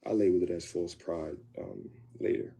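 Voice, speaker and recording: A man's voice: low-pitched, sing-song, moderate pace, vocal fry, breathy edge. A man on a live stream telling his side of a relationship story, earnest and repetitive, at times heated. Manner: repetitive, earnest, swings from quiet musing to heated.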